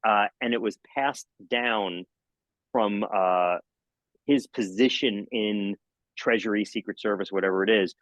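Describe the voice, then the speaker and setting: A middle-aged man, a magician, telling jokey stories in a podcast interview and acting out scenes with sudden high exclamations. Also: unhurried, fairly bright tone, no echo, dull audio. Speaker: magician and mentalist guest. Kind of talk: animated storytelling in a podcast interview.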